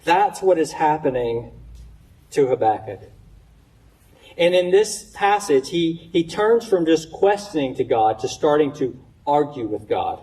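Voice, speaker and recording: A man preaching a sermon as pastor in a conversational way, with stammered restarts and questions voiced with rising pitch. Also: sing-song, a little slow, dark tone, far from the mic, low-quality recording. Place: church sanctuary.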